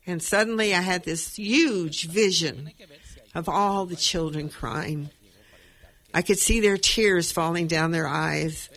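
A woman in her eighties hosting a radio show, reminiscing in a halting way with many restarts and reading her own poetry slowly and with feeling. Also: sits low, a bit bright. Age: 80s. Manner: slow, heartfelt poetry recitation.

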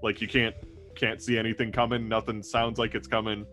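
A man running a tabletop role-playing game as game master, narrating in a halting way full of fillers and restarts. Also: on the low side, flat delivery, a bit bright, soft background music.

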